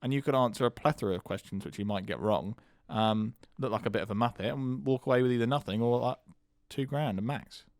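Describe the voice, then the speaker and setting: A man's voice: medium pitch, no room sound, studio quality. A man co-hosting a casual podcast, giving self-mocking opinions. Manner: quick, self-deprecating opinions. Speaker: podcast co-host. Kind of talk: casual chat.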